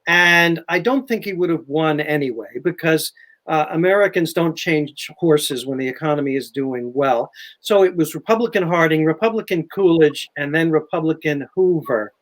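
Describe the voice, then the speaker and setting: An older man chatting as a historian guest, telling history stories in a lively, animated way. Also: fairly high pitch, moderate pace. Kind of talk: casual history chat.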